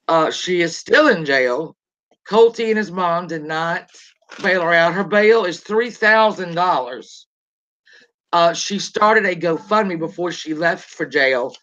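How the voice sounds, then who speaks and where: Woman host, rambling gossip chat, bright and tense, dull lo-fi recording. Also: fairly low pitch. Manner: chatty, rambling, greets viewers mid-story. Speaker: show host. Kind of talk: casual gossip livestream. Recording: lo-fi dull sound.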